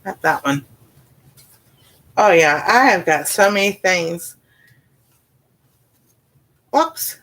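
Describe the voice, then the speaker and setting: Speaking very slowly with long pauses, this cooking-channel host has a Southern US accent and a slightly low, somewhat bright, expressive voice. Her relaxed livestream chat drifts in a folksy way, full of "y'all" and frequent laughter.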